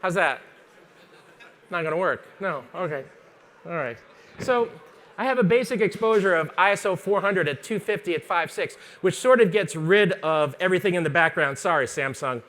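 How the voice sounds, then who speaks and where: Brief: male instructor, higher-pitched, chatty and jokey, quizzing a live workshop crowd. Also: expressive, a bit bright. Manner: chatty, jokey, fast-talking teacher quizzing the audience. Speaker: photography instructor. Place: conference stage before a live audience.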